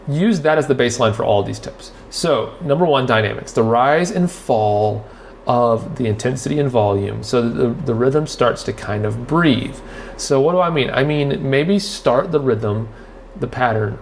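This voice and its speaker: A man's voice: mid-range voice, creaky, slight background noise. A man hosting a drum podcast, giving a loose, rambling spoken lesson full of fillers and restarts. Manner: rambling, filler-heavy, loses and finds his thread. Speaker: drummer and podcast host.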